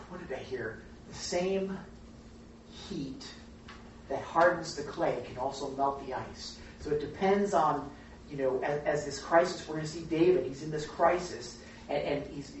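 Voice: medium pitch, a little slow, a little hiss or hum. Chatty Bible study teacher in an echoey room. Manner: chatty and animated, asking the group questions. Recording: very echoey room, distant mic, dull sound.

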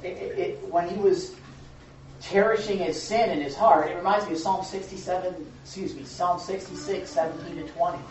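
A man's voice: sits high, moderate pace. A man preaching an informal sermon, telling stories dramatically and checking in with his listeners in a conversational way. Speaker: preacher, Bible teacher. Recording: echoey, distant, dull room recording.

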